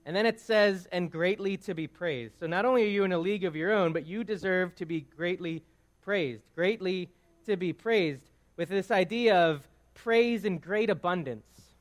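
A man's voice: high voice, moderate pace. A man preaching a sermon, explaining scripture in a conversational way, often restarting words and checking in with "right?". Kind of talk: sermon teaching on a psalm.

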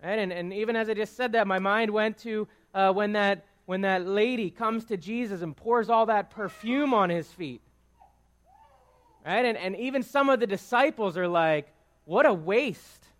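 A man's voice: high voice, normal speed. A man preaching a sermon, explaining scripture in a conversational way, often restarting words and checking in with "right?". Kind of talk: sermon teaching on a psalm.

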